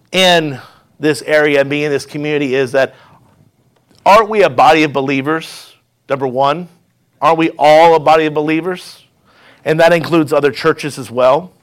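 A man's voice: on the high side, normal speed. A man, a pastor, preaching a sermon, telling a story and leading with call-and-response asides.

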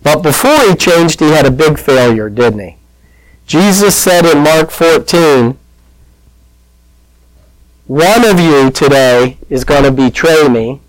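A man preaching a sermon, telling the story with lively acted-out voices and asides to the congregation. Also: fairly high pitch, slow, pauses often, no echo, poor audio. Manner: animated storytelling, acting out quoted voices. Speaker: pastor.

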